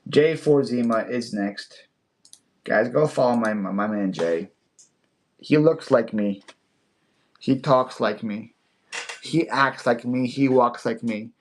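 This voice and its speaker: Guy running a live sale stream, bit of vocal fry, jokey, keeps tripping over his words. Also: on the low side, a little hiss or hum. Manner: playful, laughs often, stammers and repeats words. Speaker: live online seller host. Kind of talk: casual livestream chat.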